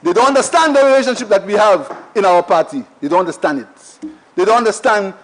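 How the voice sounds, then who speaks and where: Man, Saint Lucian accent, very high voice, parliamentary debate speech, emphatic and repetitive. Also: expressive, fast talker, rough recording. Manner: emphatic oratory, heavy repetition, keeps addressing the Speaker. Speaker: member of parliament. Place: parliament chamber.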